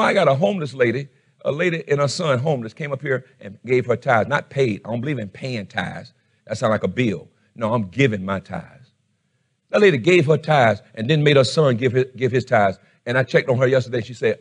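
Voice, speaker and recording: A middle-aged man preaching a fervent sermon as pastor, shouting one moment and dropping low the next. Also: husky.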